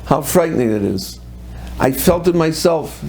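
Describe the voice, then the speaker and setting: A man's voice: a little high, lively intonation, unhurried, darkish tone, slight background noise. A middle-aged man, a rabbi giving a sermon, telling stories and acting out what people said, with Hebrew and Yiddish terms mixed in.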